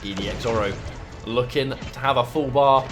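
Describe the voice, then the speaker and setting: A man doing live commentary on a fighting game tournament, excitable and prone to loud shouts. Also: mid-range voice, normal speed, music in the background. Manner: excitable, breaks into loud shouts at big moments. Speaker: esports commentator.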